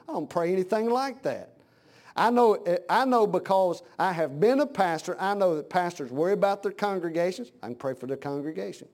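Fervent high-voiced preacher man. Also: fairly quick. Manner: fervent, folksy preaching that swells into shouts. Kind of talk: sermon.

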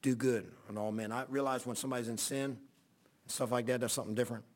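A man's voice: medium pitch, steady tone, fast. A middle-aged man, a pastor, telling a long folksy story in a rambling sermon. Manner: folksy, rambling anecdotal preaching.

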